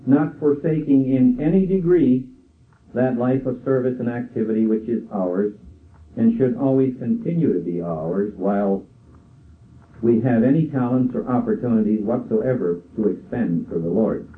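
An older man preaching a sermon in a slow, measured way, quoting scripture. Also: mid-range voice, slight background noise. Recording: tinny phone-like sound from far off.

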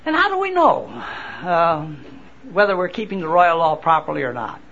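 A man preaching a sermon at a convention, reading scripture and explaining it slowly, often repeating and restarting words. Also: fairly high pitch, sing-song, a bit bright, dull audio. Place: convention hall.

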